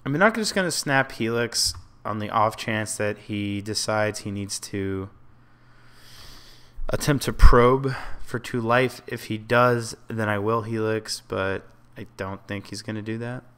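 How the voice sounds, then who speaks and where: A man with a fairly low, clear, resonant voice of fairly bright tone narrates his online card game at a measured pace. Casual and self-critical, he talks through plays and grumbles, sometimes breaking into frustrated outbursts over his mistakes.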